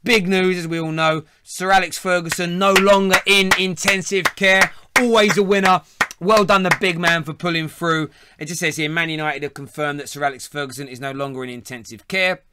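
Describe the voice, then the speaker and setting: A man's voice: a little high, fairly quick, background noise. A man, hosting a live football phone-in, chatty and laughing often. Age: 30s. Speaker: phone-in host. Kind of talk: casual live show chat.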